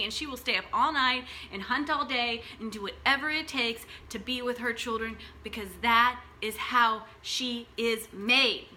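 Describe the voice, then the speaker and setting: Passionate woman with a bright voice. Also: on the high side, unhurried, few pauses, rough recording. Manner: animated, heavy use of "like", rhetorical questions. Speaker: vlogger, mothers' rights advocate. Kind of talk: passionate monologue to camera.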